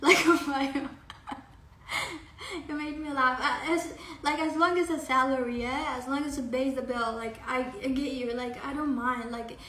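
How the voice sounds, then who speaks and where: High-voiced woman rambling through a card reading. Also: fairly even intonation, measured pace, fairly bright tone, reverberant, distant mic. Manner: rambling, filler-heavy, casually swearing. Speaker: tarot card reader. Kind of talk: casual pick-a-card reading.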